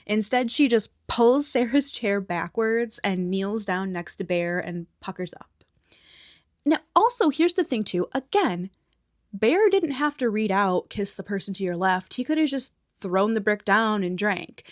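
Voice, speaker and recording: Recapping a film ASMR-style, the young host moves from quiet speech into breathy whispers, offering frank, casual remarks and the occasional swear. She has a mid-range, expressive voice at a measured pace, captured close and dry without any room sound.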